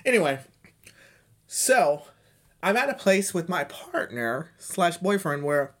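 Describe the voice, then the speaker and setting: A man's voice: high-pitched, sing-song, slow, a bit bright. A man in his thirties, a podcast host rambling through a profane, self-mocking comedic monologue. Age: 30s.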